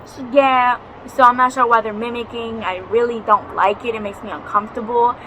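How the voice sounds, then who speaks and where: A woman's voice: on the high side, steady tone, moderate pace, noisy background. A young woman vlogging at home, telling a ghost story in a chatty, dramatic way and swearing freely. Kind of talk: casual storytelling vlog. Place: home, near a balcony.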